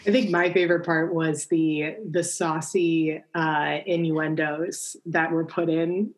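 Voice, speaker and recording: A young American woman chatting as a podcast guest, talking fast and easy and laughing as she goes. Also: deep voice, little pitch movement. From United States. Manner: chatty, laughing, many likes. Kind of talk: casual chat.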